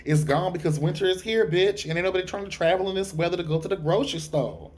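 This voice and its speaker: Rich: A sassy, fed-up young noblewoman, griping in a profane, exasperated rush, as a man puts her on. The voice sits a little higher than his own talk. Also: fast, close to an everyday voice.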